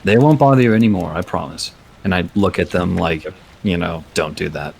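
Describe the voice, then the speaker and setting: A man's voice: low-pitched, animated, a little fast, vocal fry, a little mellow, a little hiss or hum. A man playing a character in a tabletop game, earnest and a little hesitant. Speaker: player.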